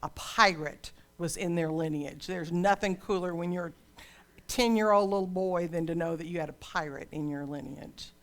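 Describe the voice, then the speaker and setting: A woman's voice: on the low side, normal speed. An older woman pastor delivering a sermon in a dramatic storytelling manner.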